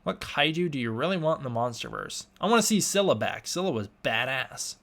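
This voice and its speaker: A man's voice: medium pitch, expressive, fairly quick, fairly bright tone. A young man hosting a live stream, reading chat questions aloud in casual talk, often stumbling and restarting his words. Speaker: livestream host answering chat questions.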